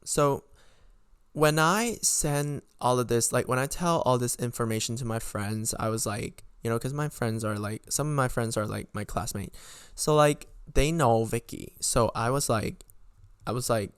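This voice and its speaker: A young man rants through a casual storytime, piling on fillers and curses as his disbelief spills out. His voice sits at a middling pitch and comes across smooth and clear. The recording is dry and close. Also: normal speed, no room sound. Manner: rambling, heavy filler words, frequent swearing; exasperated, incredulous. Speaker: podcast host.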